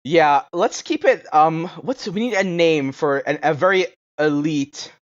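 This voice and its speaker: A man riffs through a comedy podcast pitch in a voice sitting a little high. The recording is dull and lo-fi. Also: a little slow. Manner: riffing, slips into gruff character voices. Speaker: podcast co-host.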